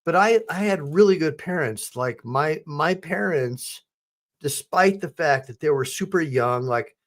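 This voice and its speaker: A man's voice: on the high side, expressive, measured pace. A middle-aged man hosting a livestream, rambling casually and talking straight to his viewers, his eyes watering from allergies. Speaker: host.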